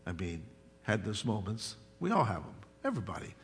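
Pastor preaching in a reverberant church. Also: male voice, lowish voice, huge pitch swings, a little fast, faint music behind. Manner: folksy storytelling, rising to loud emphatic preaching. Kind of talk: sermon. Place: church sanctuary. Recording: long hall reverb.

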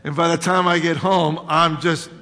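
Middle-aged male pastor, sermon style, bright and a touch high-pitched, recorded in a hall with long reverb. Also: flat delivery, moderate pace. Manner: conversational, rising to emphatic with frequent rhetorical questions.

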